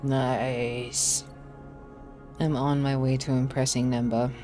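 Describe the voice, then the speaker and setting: Low-voiced woman streaming a game. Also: little pitch movement, takes it slowly, warm tone, soft background music. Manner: casual, self-deprecating, laughs often. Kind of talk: playing a game and reading its text aloud.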